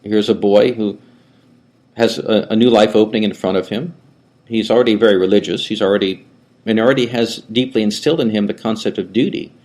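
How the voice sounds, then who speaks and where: An older male priest gives a relaxed class lecture in a fairly low voice. He wanders through asides and often restarts his sentences. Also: brisk. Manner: rambling, with frequent restarts and asides. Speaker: Orthodox priest teaching a class. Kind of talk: conversational lecture.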